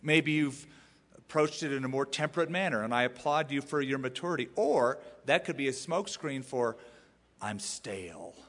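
A male pastor preaching a sermon, playful and animated, often acting out the voices of the people he quotes. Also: mid-range voice, brisk, big-room sound.

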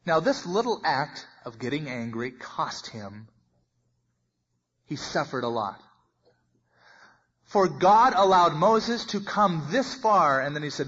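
A man preaching a sermon and teaching verse by verse, talking in a conversational way and acting out the voices in the passage, with big swings in loudness. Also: a little high, expressive, takes it slowly, pauses often, breathy edge. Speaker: pastor. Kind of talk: expository Bible teaching. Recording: muffled lo-fi recording.

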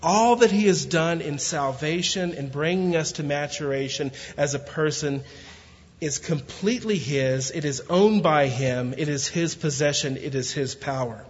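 A man preaches a sermon in a large church, his voice sitting a bit high for a man. His reading of scripture is steady, and it gives way to easy jokes and fervent preaching, with a bit of a country way of talking. A long hall reverb trails each phrase, and the recording sounds slightly dull. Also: measured pace. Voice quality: self-described country way of talking. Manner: reads scripture steadily, then jokes and preaches with rising fervor. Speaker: guest pastor.

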